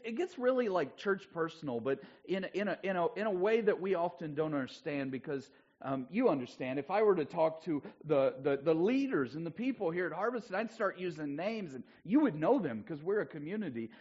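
Man preaching, kinda high voice, goes loud then drops to a hush, muffled lo-fi recording. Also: slightly rough. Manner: conversational preaching with big swings between loud and hushed. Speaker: pastor. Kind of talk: sermon. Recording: dull lo-fi church recording.

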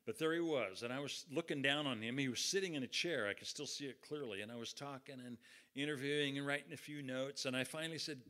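A man's voice: mid-range voice, quick pace, pushed and bright. A middle-aged man preaching a sermon in a folksy, conversational storytelling way. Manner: folksy, conversational, acts out quotes. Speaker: pastor.

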